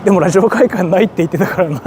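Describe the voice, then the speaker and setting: A young man from Japan chatting casually on a livestream as he walks through city streets. He is excitable, swears a lot and bursts into shouts. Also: sits high, racing, crowd noise. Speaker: streamer. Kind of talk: casual livestream chat while walking. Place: busy city street outdoors. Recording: street noise behind.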